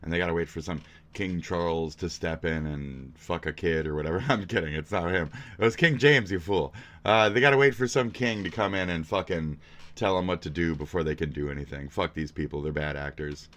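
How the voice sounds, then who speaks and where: A man's voice: low-pitched, brisk, fairly bright tone. A man, a streamer reacting to a video, ranting crudely and angrily with constant swearing. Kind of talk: profane rant.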